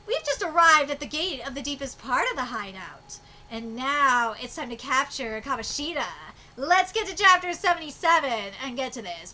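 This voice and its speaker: A woman streamer reading manga chapters aloud and reacting, excitable, gushing and swearing casually. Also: sits high.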